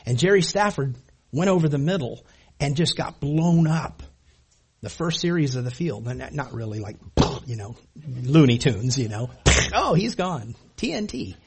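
A middle-aged man tells an audience about his high school football days, animated and laughing as he acts out his younger self. He talks at a normal speed with frequent pauses, and his voice is slightly rough.

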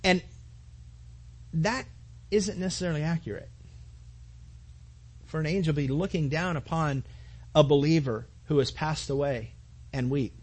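A man's voice: on the high side, measured pace, pauses often, breathy edge. A man preaching a sermon to his congregation, earnest, with repetitions and asides to the listeners. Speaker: pastor.

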